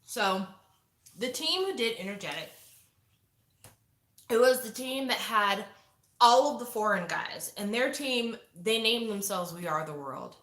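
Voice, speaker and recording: A woman in her forties chatting casually to viewers, opinionated and lively, acting out quotes as she reviews a show. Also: mid-range voice, unhurried, pauses often. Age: 40s. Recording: echoey room.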